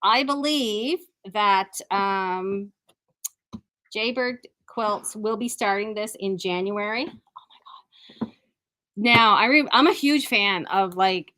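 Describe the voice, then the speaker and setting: A chatty woman with a mid-range voice hosts a relaxed product showcase from a quilt shop. She talks warmly and eagerly, trips over her words and starts sentences again, and gushes over each item. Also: mid-range voice. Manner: chatty and enthusiastic, with frequent restarts. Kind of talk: casual live product showcase.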